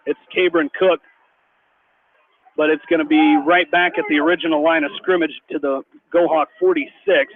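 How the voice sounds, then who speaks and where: High-voiced radio play-by-play man. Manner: rapid, rising excitement on big plays. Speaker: play-by-play announcer. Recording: tinny phone-like radio broadcast with faint hiss.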